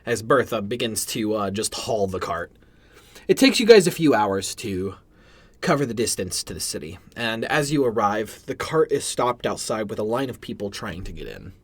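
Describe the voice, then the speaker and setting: A man narrating a tabletop game as game master, relaxed with filler pauses. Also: fairly low pitch, breathy edge, no echo.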